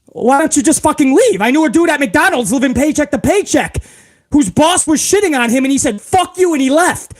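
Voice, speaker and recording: High-voiced man ranting and swearing. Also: expressive, fairly quick. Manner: ranting, swearing, often shouting. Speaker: host. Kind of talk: profane live-stream rant.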